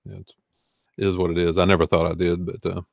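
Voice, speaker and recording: A man's voice: low voice, completely flat delivery, quick pace, vocal fry, no echo, clean studio sound. A man with a Southern US accent hosting a casual livestream, rambling and answering chat comments. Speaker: eBay reseller hosting a livestream.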